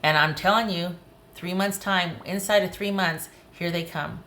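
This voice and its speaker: A woman giving a casual tarot reading to camera, animated and opinionated, speaking straight to the viewer. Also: fairly low pitch, normal speed, a little hiss or hum. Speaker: tarot reader.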